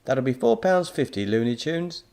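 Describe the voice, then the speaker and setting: A man's voice: medium pitch, big pitch swings, moderate pace, creaky, a little mellow, voice pushed up. A man voicing a mocking, sarcastic grown man serving behind a burger counter.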